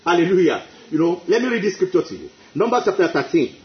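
Male preacher, high animated voice, emphatic repeats, echoey lo-fi recording. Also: fast talker. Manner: emphatic, repeats phrases, exclaims praise. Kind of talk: sermon. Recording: echoey, dull lo-fi.

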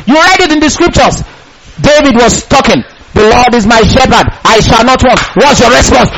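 A man preaching a sermon, emphatic and repetitive, bursting into shouts. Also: extremely high pitch, very animated, moderate pace, vocal fry, background noise.

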